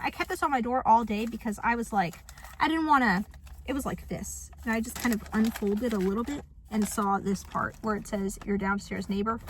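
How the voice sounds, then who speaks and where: A woman's voice: on the high side, fairly bright tone, slight background noise. A young woman telling a story on her couch in a sassy, dramatic, mocking vlog style. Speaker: vlogger. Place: apartment living room.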